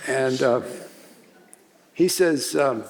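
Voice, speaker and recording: Older man, storytelling speaker, chuckling, medium pitch, long hall echo. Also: very slow, darkish tone, slight background noise. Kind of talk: conference seminar talk.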